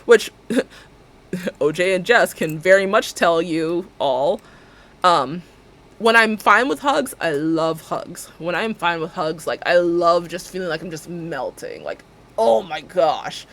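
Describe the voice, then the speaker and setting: A woman's voice: fairly low pitch, lively intonation, slow, a bit bright. A woman streamer chatting casually while she plays a game. She tells rambling stories and acts out both sides of each conversation. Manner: chatty and rambling, with frequent fillers and self-corrections.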